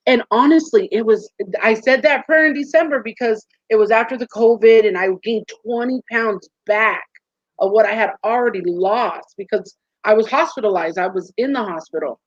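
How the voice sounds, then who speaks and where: A woman in her forties, a guest in a casual interview, telling stories with lively acted-out quotes over a video call. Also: a little high, moderate pace, no room sound. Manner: animated storyteller, acts out quoted voices. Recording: muffled dry call audio.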